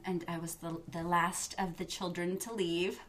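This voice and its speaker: A woman's voice: fairly low pitch, steady tone, moderate pace, fairly bright tone. A woman from Ohio, a podcast guest, chatting in an easygoing, playful way. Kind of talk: casual interview chat.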